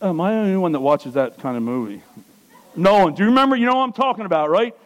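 High-voiced man preaching an interactive sermon. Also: quick pace, rough recording. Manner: energetic, questions the congregation. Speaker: pastor. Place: church.

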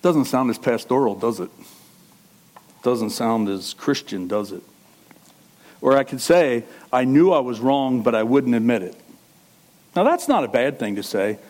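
A middle-aged male pastor giving a conversational sermon, dropping into low asides and rising into loud emphatic preaching. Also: animated, unhurried, pauses often.

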